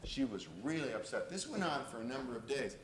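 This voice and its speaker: A man giving a university lecture in an animated storytelling way, on an old reel-to-reel tape. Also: medium pitch, a little fast. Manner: animated, loud when acting out exchanges. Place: lecture hall. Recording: old reel-to-reel tape, echoey lecture hall, faint hiss.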